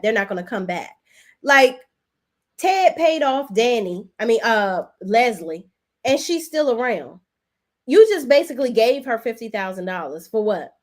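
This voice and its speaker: Woman doing a chatty soap recap live, talks right to her chat, casual and animated, black vibe. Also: fairly high pitch. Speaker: host.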